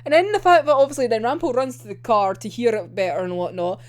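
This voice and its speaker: A young woman chatting casually about an anime episode, excitable and gushing, laughing often. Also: fairly high pitch, fast talker. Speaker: anime reviewer.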